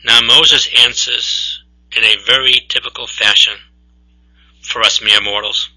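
A man reading scripture aloud and then preaching a homily in a slow, deliberate liturgical manner. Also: mid-range voice, fairly even intonation, sharp tone, poor audio.

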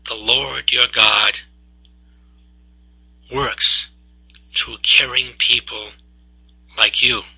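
A man reading scripture aloud and then preaching a homily in a slow, deliberate liturgical manner. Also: medium pitch, fairly even intonation, gravelly, bright, forceful tone, slightly rough, low-quality recording.

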